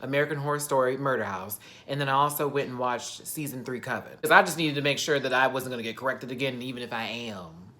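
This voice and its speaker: A man's voice: mid-range voice, fast, hardly any pauses, sharp tone. A man ranting through a TV recap in a sassy, campy, theatrical way. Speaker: TV recap vlogger. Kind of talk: animated TV recap rant.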